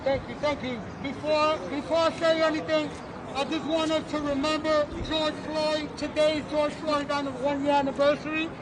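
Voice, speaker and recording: A man with a strikingly high voice gives a fervent speech at an outdoor city protest, speaking into a handheld mic and doubling back on words as he builds. A crowd murmurs faintly behind him. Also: little pitch movement, normal speed, background noise. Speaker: activist speaking at a rally. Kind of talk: impassioned rally speech.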